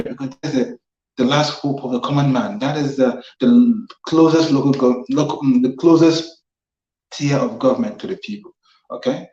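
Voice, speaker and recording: A man's voice: mid-range voice, mellow. A Nigerian man hosting a civic talk show, earnestly explaining the constitution and repeating phrases for emphasis. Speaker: host. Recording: roomy, slightly dull sound.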